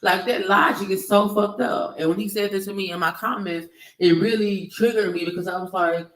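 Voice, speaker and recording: A man's voice: sits high, steady tone, normal speed, a bit bright, distant mic. Heated, cursing man in an echoey room. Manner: heated, emphatic, profane, repetitive. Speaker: video commentator. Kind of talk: ranting opinion vlog.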